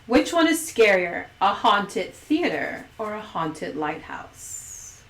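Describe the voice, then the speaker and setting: A woman's voice: mid-range voice, sing-song, slow pace, creaky, a bit bright, a little hiss or hum. Giggly female stream host, casual and playful, echoey room. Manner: playful, giggly, reads poll questions aloud. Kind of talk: casual livestream chat.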